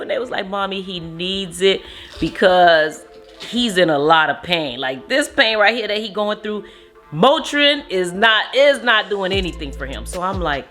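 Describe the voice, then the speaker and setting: A young mother casually telling a story to her viewers, animated and acting out what people said. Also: medium pitch, moderate pace, soft background music. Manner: animated retelling, acts out quotes. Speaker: vlogger, mother.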